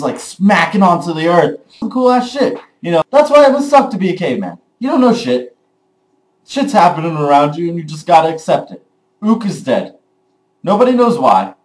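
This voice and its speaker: Loud, profane young man ranting in an echoey room. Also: a little high. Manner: loud, profane, rambling with many fillers. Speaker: vlogger. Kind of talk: casual comedic rant. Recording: echoey room on a camera mic.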